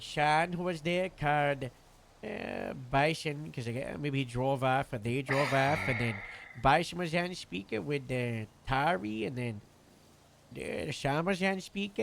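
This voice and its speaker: A man playing a police captain in casual role-play chat, halting and full of fillers and restarts. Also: mid-range voice, vocal fry.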